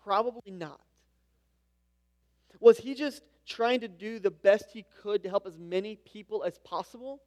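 A pastor delivering a sermon, his voice pitched high for a man. He moves between reading scripture and easygoing, chatty asides. The sound rings with long reverb from a church hall. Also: moderate pace, a little mellow. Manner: conversational preaching with casual asides.

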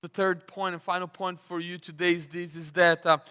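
High, bright-voiced male preacher in a reverberant hall. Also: little pitch movement, brisk, clean tone. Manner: rhetorical questions, frequent word repeats. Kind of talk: sermon.

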